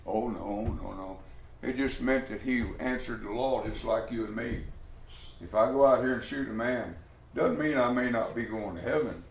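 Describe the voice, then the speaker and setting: A man preaches a Bible study in a plain, folksy way, and he gets loud and emphatic when he acts out the people in the story. His voice sits at an ordinary middle pitch. The room around him is echoey, with a faint hum of ambience. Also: moderate pace, creaky.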